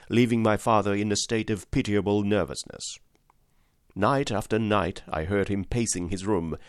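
A male audiobook narrator with a fairly low voice reads a classic story in measured, even narration. The recording is dry and close, with no room sound. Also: no room sound. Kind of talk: scripted narration.

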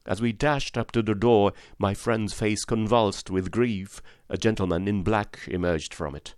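A man narrating a classic story as an audiobook, in a measured, even storytelling manner. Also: lowish voice, clear, resonant tone, no echo, clean studio sound. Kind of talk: scripted narration.

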